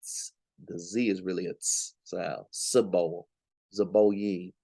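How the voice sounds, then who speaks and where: A man's voice: sits low, level tone, unhurried, vocal fry, mellow. A young man teaching scripture in a casual, slangy, emphatic way, from the United States. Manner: conversational, preachy, slangy and emphatic. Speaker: Bible teacher.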